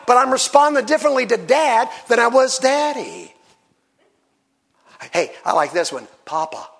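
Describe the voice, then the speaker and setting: A pastor in his sixties, a man preaching a sermon in church, animated and acting out the voices he quotes. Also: very high voice, measured pace.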